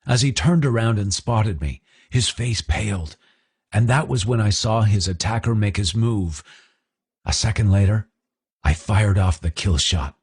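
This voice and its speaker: A man's voice: fairly low pitch, measured pace, darkish tone, husky. A man narrating a romance audiobook in the first person, with intense, emotional delivery.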